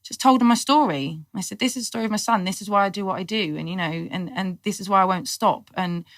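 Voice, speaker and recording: A middle-aged woman, a podcast guest telling her story in lively, casual talk, acting out what people said and laughing often. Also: mid-range voice, fast, dry recording. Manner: animated storyteller, acts out quotes, laughs often. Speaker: guest, cannabis activist.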